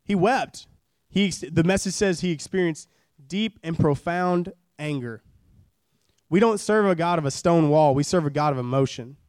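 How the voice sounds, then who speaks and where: A man's voice: on the high side, normal speed, darkish tone, clear, resonant tone, no echo, clean studio sound. A young man in his twenties preaching a sermon at a church service, in a casual, joking way that repeats phrases for emphasis.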